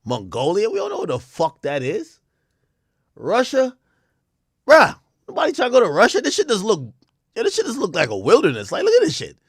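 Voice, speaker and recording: A man hosting a casual livestream talks in a loose, profane way, and his pitch swings widely. His voice sits a little high for a man and jumps up for sudden loud outbursts. The sound is close and dry, with no room around it. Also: huge pitch swings, brisk, breathy edge, no room sound. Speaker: livestream host.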